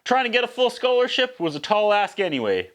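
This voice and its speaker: A man's voice: high voice, very animated, fairly quick, fairly bright tone, pitched above the performer's own voice. A resentful teenage brother, voiced by a man recapping a movie lifts his voice into a strained, earnest register. The delivery sounds tense and accusing. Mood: bitter.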